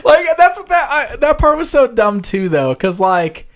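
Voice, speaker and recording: A man co-hosting a podcast in casual chat, animated and laughing often as he retells scenes and jumps into quoted lines. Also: very high voice, moderate pace. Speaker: podcast co-host.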